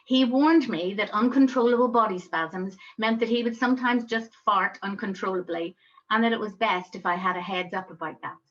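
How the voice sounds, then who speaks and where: A middle-aged woman, telling a personal story in a reflective, gently wry manner. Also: medium pitch, normal speed, dull audio. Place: home.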